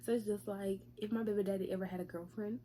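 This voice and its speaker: A young woman vlogger in casual storytime, retelling events in a profane, chatty, lively way. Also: medium pitch, fast, slight background noise.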